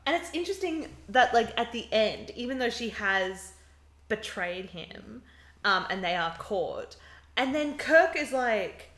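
A woman co-hosting a casual chat, animated, laughing often and quoting characters mockingly. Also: fairly high pitch, unhurried. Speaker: podcast co-host. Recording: roomy echo.

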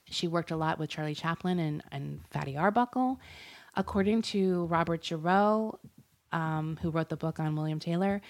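Woman podcast host, lower register, casual storyteller, giggly and loose, swears now and then. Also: darkish tone. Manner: chatty and giggly, swears, uses lots of fillers. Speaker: podcast co-host telling a true crime story. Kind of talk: casual chat.

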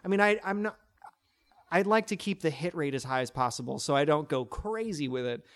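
A man's voice: on the high side, lively intonation, brisk. A man with a tenor voice, a stage performer chatting in an interview, with many fillers and restarts. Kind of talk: casual interview talk.

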